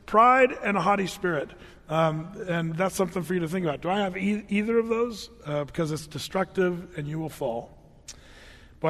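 A man with a fairly high voice teaches through scripture in an easygoing, conversational sermon. He reads the old verses aloud, then drops to a hush or swells louder to make a point. A long hall reverb trails every phrase. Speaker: preacher.

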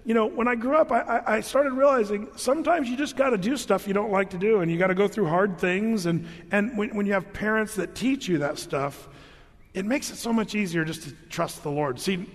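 A middle-aged man preaches a sermon in a loose, storytelling way, often starting his sentences over. His voice sits high for a man. The sound carries the long reverb of a large church hall. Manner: conversational storytelling with many restarts. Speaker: pastor.

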